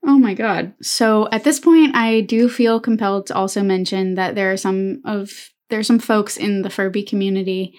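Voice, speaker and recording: This is a woman in her thirties co-hosting a casual podcast, chatty and quick to laugh. Her voice sits at a middle pitch for a woman, and her delivery is relaxed and conversational, with no special vocal color. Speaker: podcast co-host.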